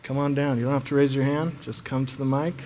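A man's voice: mid-range voice, fast talker. Easygoing man preaching in a large hall. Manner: relaxed, joking, inviting. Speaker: pastor leading a service. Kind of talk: sermon. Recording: reverberant hall, faint ambience.

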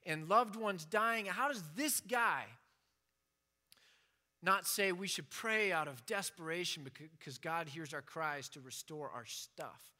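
A man's voice: high-pitched, lively intonation, a little slow, bright, forceful tone. A man giving an informal sermon with passion, acting out the prayers he quotes. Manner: impassioned, acts out quoted prayers. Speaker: preacher.

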